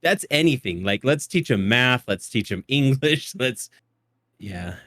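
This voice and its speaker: A man's voice: mid-range voice, animated, a little slow, fairly bright tone, dry recording, studio quality. Easygoing man who laughs often. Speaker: podcast host. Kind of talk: casual chat.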